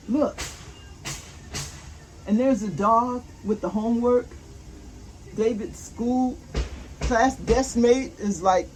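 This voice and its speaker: A woman's voice: on the high side, lively intonation, poor audio. An older woman, reading a picture book aloud to her grandchildren and asking them questions. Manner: slow, gentle, asks the listener questions. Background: faint roofing work noise.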